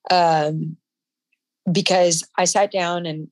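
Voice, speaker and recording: Low-voiced woman telling her story haltingly. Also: fairly even intonation, dry recording. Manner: halting, emotional, frequent restarts. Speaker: guest. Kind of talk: personal story in an interview.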